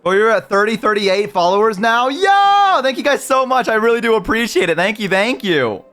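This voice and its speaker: A man's voice: sits high, a little fast, a bit bright, faint music behind. A man streaming live, talking casually and rambling as he answers chat mid-sentence.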